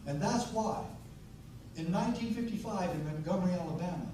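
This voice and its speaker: A man delivering a fiery, preacher-like rally speech in a fairly high voice. His words ring out through a heavily echoing PA, heard from well back from the microphone. Clear background noise runs under his voice. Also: brisk. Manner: preacherly, swings from low storytelling to loud rousing declarations. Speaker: former sheriff, rally speaker. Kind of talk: impassioned rally speech, storytelling. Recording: echoey PA sound from far off with background noise.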